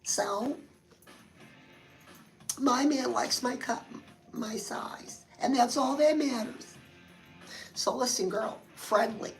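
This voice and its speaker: Speaking slowly with frequent pauses, a woman with a fairly high voice hosts a motivational livestream, chatting straight to viewers and calling them "girl." Soft music plays in the background of a rough recording.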